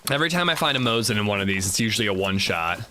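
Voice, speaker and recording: A man's voice: fairly low pitch, animated, racing, pushed and bright, a little hiss or hum. A man streaming a survival game, chatting casually and joking with his viewers. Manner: joking, chatty, talks to chat. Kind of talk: casual livestream commentary.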